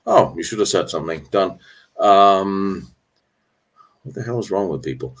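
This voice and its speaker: A man with a low, expressive voice hosts a battlefield history Q&A live stream at normal speed, indoors and traveling on location. He rambles candidly, often restarting and adding sarcastic comments.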